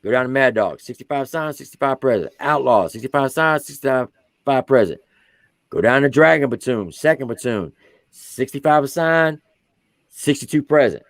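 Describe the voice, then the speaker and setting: A man's voice: medium pitch, expressive, moderate pace, no echo. A man, an army veteran who served as a drill sergeant, telling a story on a podcast in casual slang and acting out the quotes.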